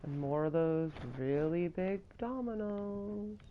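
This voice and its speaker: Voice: mid-range voice, animated, slow, phone-quality sound, a little hiss or hum. A gamer giving casual commentary while solving puzzles, muttering with wry asides. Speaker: let's play gamer.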